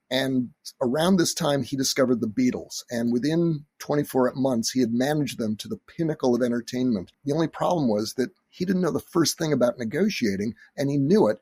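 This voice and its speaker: Husky-voiced man telling negotiation stories. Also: mid-range voice, a little mellow, dry recording. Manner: earnest storyteller, acts out quotes. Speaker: negotiation professor, podcast guest. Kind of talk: expert interview answers with stories.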